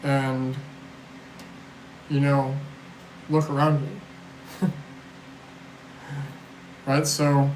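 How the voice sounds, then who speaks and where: A man's voice: mid-range voice, flat delivery, extremely slow, pauses often, darkish tone, reverberant, slight background noise, rough recording. Blunt, rambling man on a livestream. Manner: rambling, blunt and profane, with restarts and sarcasm. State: tired. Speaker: livestream host answering chat. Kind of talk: casual live-stream chat.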